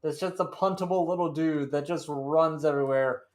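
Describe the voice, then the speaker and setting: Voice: mid-range voice, moderate pace. A co-host in casual gaming chat, jokey and chatty, often trailing off mid-sentence. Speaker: game co-host.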